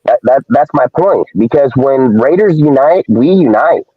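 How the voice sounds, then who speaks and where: A man's voice: mid-range voice, expressive, moderate pace, dry recording. A man hosting a live show, ranting in a heated, profane, confrontational way. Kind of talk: live-stream rant. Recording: dull lo-fi dry stream audio.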